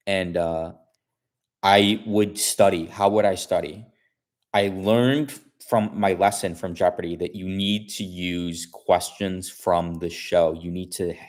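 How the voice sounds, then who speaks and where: A man tells a story on his stream in a relaxed, chatty way. His voice is low and deep, and he loops back over his own words and restarts sentences as he goes. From Chicago area. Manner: rambling, repeats himself, many restarts. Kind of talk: casual storytelling.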